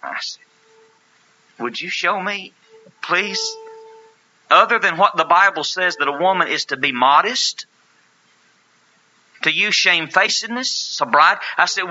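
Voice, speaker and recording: This is a man delivering a sermon in a sharp, bright voice that rises and falls with animation. He leans on emphatic rhetorical questions and tells his story earnestly. The recording is dull and lo-fi. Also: high voice, animated, a little slow, pauses often. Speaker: preacher. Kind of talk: sermon with anecdote.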